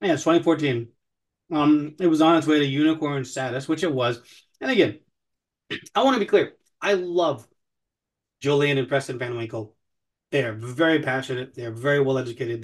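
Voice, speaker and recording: A man's voice: mid-range voice, moderate pace, pauses often. A man co-hosting a casual podcast, talking whiskey in a sarcastic, profane and mock-threatening way. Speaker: podcast co-host, whiskey commentator.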